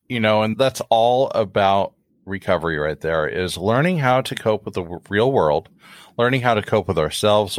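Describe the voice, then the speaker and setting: Earnest low-voiced male podcast host. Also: dry recording, studio quality. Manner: earnest, animated, conversational. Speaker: podcast host, addiction counselor. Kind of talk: casual interview.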